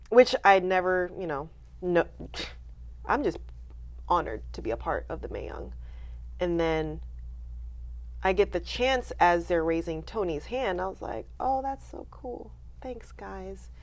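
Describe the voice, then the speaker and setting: Woman, late twenties, lowish voice, animated storytelling, quotes people in little put-on voices. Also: normal speed, pauses often. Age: late 20s. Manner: animated, acts out quoted voices, laughs often. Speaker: guest, professional wrestler. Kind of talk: candid interview storytelling.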